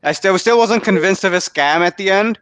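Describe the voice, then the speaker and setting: A man's voice: sits high, a little fast, fairly bright tone, no room sound. A young man from Canada hosting a stand-up comedy show over a video call, rambling and self-deprecating, often laughing at his own jokes.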